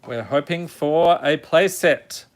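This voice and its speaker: A man with a slightly high voice talks slowly through a card pack opening. He lists each card in turn and drops dry, self-mocking jokes along the way. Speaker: channel host opening card packs. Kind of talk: casual pack-opening commentary.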